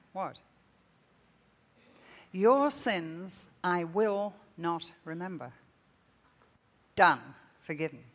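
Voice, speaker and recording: An older woman giving a sermon, telling stories with warmth and laughter. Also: lowish voice. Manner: storytelling with laughter. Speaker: speaker. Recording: long reverb of a hall.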